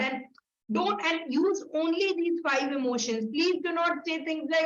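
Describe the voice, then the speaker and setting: A woman leading a relationship workshop, brisk and instructive, listing points one by one. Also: high-pitched. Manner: brisk, instructive, repeats key words in lists. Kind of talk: live workshop teaching. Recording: echoey room, dull lo-fi sound.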